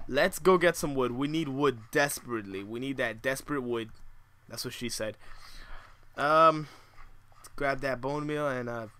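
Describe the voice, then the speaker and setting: A man's voice: mid-range voice, normal speed, bright, forceful tone. A young man commentating his own survival game, swinging between muttered asides and shrieking outbursts full of swearing. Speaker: gamer.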